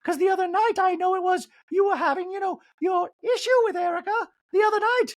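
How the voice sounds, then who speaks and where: A shrill haughty socialite wife. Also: male voice, steady tone, a little fast. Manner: shrill, exaggerated, sing-song.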